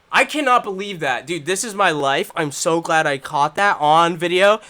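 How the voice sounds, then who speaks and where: High bright-voiced young man ranting on stream. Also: lively intonation, measured pace, faint music behind. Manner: profane, rambling, swings from loud ranting to low talk. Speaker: channel host. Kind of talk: live-stream commentary.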